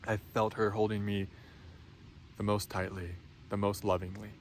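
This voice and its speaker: Man, low voice, soft reassuring spiritual talk, faint room hum. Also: level tone. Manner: soft, slow, reassuring, with many ums and restarts. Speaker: spiritual teacher.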